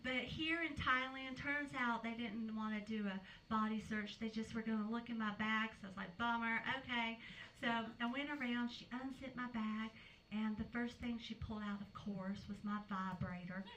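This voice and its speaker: A woman comedian with a somewhat high voice works through a brash, frank stand-up set, laughing at her own lines. She is recorded live from a little way off the mic, with a noisy room behind her. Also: steady tone, moderate pace, fairly bright tone, far from the mic.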